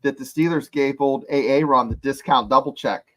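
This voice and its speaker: A man's voice: mid-range voice, fairly even intonation, normal speed, no echo, rough recording. A man chiming in with dry wisecracks during a casual sports chat.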